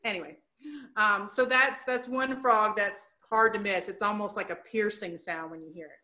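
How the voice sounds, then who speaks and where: A woman's voice: mid-range voice, steady tone, normal speed, pushed and bright. A woman educator giving an online presentation, explaining things plainly and chattily with playful asides.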